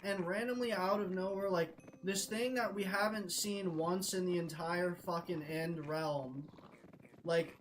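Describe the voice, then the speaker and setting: A young male streamer retelling a multiplayer game mishap in an animated, laughing way, swearing constantly. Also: high voice, a little slow, slight background noise, rough recording. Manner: excitable, swears constantly, laughs between lines. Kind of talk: animated gaming story retelling.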